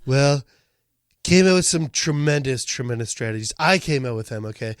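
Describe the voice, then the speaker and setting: A man's voice: medium pitch, expressive, smooth, dry recording, studio quality, pitched below the performer's own voice, close to an everyday voice. A man putting on the voice of a boastful, blustering older male politician who repeats his brags. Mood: bragging. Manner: repetitive bragging, drawn-out words.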